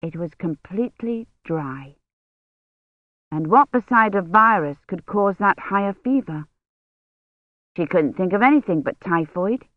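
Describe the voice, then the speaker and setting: Audiobook narrator, measured reading, mid pitch, muffled lo-fi, dry close sound. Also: animated, no room sound. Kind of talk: scripted narration.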